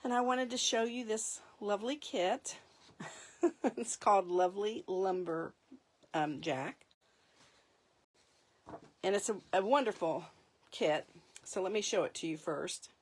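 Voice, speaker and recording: A woman's voice: medium pitch, unhurried, long pauses. A middle-aged woman hosting a live paper craft demonstration, chatty, laughing often and correcting herself mid-sentence.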